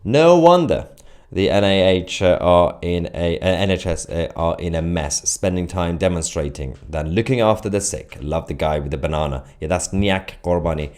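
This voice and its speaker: A man's voice: deep voice, moderate pace, hardly any pauses, a little mellow. A man hosting a live stream, chatting casually and reading out viewer comments, with many fillers and restarts.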